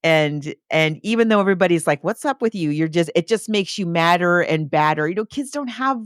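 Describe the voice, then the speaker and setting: An enthusiastic woman talks animatedly about a picture book, acting out quotes with big leaps in pitch. Her voice sits fairly low. The sound is close and dry. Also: animated, a little fast, clear, resonant tone, dry recording. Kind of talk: casual book discussion.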